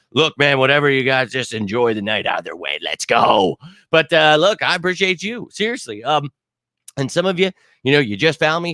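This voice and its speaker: A man hosting a live sports fan show, ranting bluntly with swearing and giving shout-outs to viewers by name. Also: medium pitch, dry recording, clean studio sound. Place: home.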